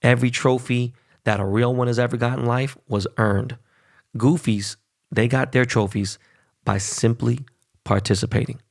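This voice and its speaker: A man's voice: mid-range voice, fairly even intonation, moderate pace, creaky. A man in a casual, heated sports rant, swearing freely and rambling between points.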